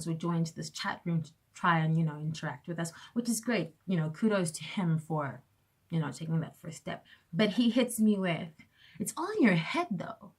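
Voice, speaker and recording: A young woman talks straight to her viewers in a casual vlog rant, her voice sitting a little low. She tells her stories with exasperated sarcasm and slips into mocking voices when she quotes other people. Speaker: vlogger.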